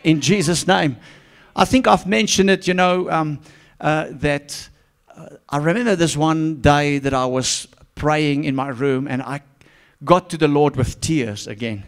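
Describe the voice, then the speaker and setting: A man preaching a sermon to a congregation in church, fervent, swinging from hushed to shouted and repeating his phrases. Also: on the high side, unhurried. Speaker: pastor.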